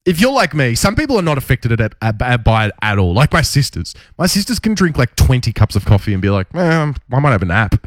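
A man co-hosting a radio show, chatting casually and excitably, laughing often as he tells stories. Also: mid-range voice, quick pace, hardly any pauses, dry recording, studio quality. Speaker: radio co-host. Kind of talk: casual chat.

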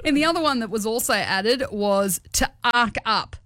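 A woman's voice: a little high, expressive, normal speed, fairly bright tone, dry recording. An Australian woman co-hosting a breakfast radio show, bantering in casual, playful chat. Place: radio studio.

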